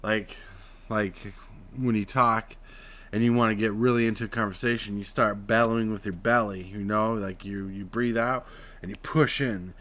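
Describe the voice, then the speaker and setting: A man from Utah in casual live-stream chat, explaining voice technique and swinging between a flat drawl and bursts of excited emphasis. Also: fairly low pitch, normal speed. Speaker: streamer host.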